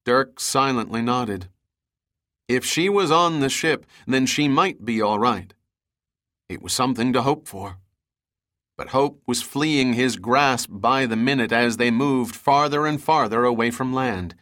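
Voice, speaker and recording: A man reading an adventure audiobook aloud in a steady, measured narration. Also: medium pitch.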